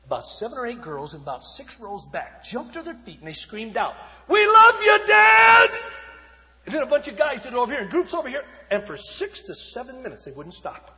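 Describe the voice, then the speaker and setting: A male evangelist tells stories from the pulpit, his high voice leaping and dipping with lively swings. He booms in some stretches and drops near a whisper in others. The sound rings with a long hall reverb. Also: fast talker, few pauses. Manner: dramatic, shifting from shouts to hushed tones. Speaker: evangelist speaker. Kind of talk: sermon storytelling.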